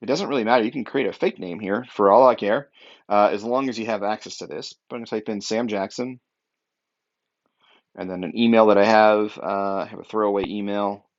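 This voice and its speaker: A man's voice: on the low side, fairly even intonation, a little fast, lo-fi sound. A young man, an upbeat real estate technology trainer, giving an emphatic walkthrough with lots of fillers.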